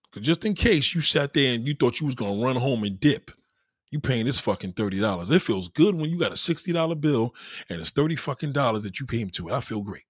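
A man's voice: medium pitch, expressive, brisk, fairly bright tone, slightly rough, no echo, clean studio sound. A man giving a blunt, profane opinion rant in a casual way, breaking off now and then to act out other people. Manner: acts out quoted people in varied voices.

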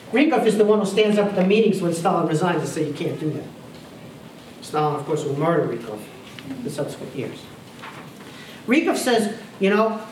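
A man's voice: high voice, a little hiss or hum. Emphatic male professor in a roomy lecture hall. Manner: emphatic, with rhetorical questions and repeated key phrases. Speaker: history professor giving a lecture. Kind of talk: university lecture. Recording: roomy hall audio picked up from a distance.

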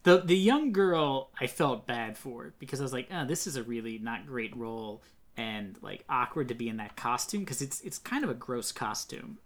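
A man's voice: medium pitch, lively intonation, normal speed. A man co-hosting a comic book podcast in casual chat, opinionated and rambling, full of "like". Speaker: podcast co-host.

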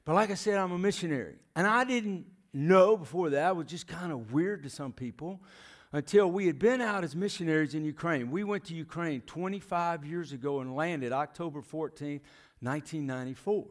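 A man's voice: on the high side, brisk. A middle-aged man, preaching a folksy, storytelling sermon in a church as a visiting missionary. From United States. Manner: folksy storytelling, asks the crowd questions. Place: church sanctuary.

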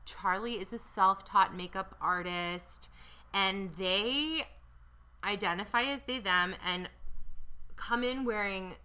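A woman chatting casually as a podcast co-host, animated and quick to quote people in little voices. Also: mid-range voice, clean tone. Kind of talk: casual chat.

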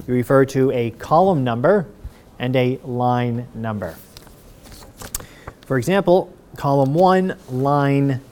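A man's voice: mid-range voice, darkish tone. Methodical man lecturing on patents. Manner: clear, methodical explaining with rhetorical questions. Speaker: university patent counsel lecturing.

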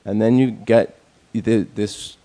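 A man's voice: fairly low pitch, steady tone, takes it slowly, warm tone. A man in a casual chat, rambling with many fillers and restarts and speaking bluntly, with some profanity.

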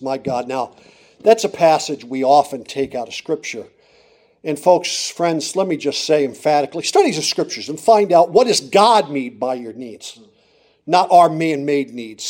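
A middle-aged man preaching a sermon, moving from quiet storytelling to loud, emphatic declarations. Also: medium pitch.

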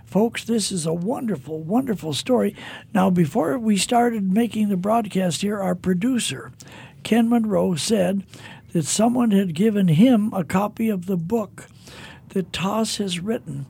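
A high-pitched man with a gravelly, husky voice hosts a radio broadcast. He talks in a folksy, affirming way, praising his guest's story. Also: a little slow, warm tone. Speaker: radio host. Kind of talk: radio interview.

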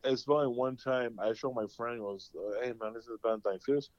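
In a mid-range, darkish voice, slightly fast, a podcast co-host spins rambling stories full of swearing and acted-out lines. The recording is dry and muffled.

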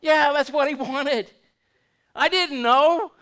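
A man's voice: very high voice, takes it slowly, sharp tone. A man preaching a sermon to his congregation in a folksy way, restarting words and asking the room questions. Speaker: pastor.

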